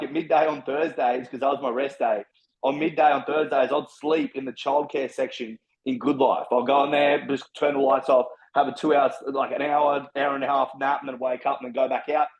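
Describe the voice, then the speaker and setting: A young Australian man talking fast and bluntly, swearing freely as he tells his story in a relaxed chat. His voice sits at an average pitch, and the recording sounds a little dull and lo-fi. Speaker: personal trainer guest. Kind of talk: casual podcast storytelling.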